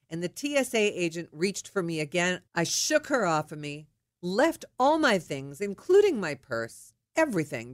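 A middle-aged woman telling a personal story in a lively, indignant way. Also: on the low side, no room sound, studio quality. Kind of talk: personal anecdote.

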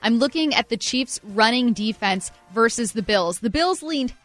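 A woman's voice: on the high side, expressive, normal speed, faint music behind. A woman co-hosting a sports talk show, giving analysis with a playful, self-deprecating manner. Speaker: sports radio co-host.

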